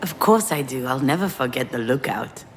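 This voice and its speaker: A woman's voice: a bass voice, lively intonation, moderate pace, a little hiss or hum. An actress playing a mother in a video game, telling a family memory in a tender, reflective way. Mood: wistful. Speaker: game character.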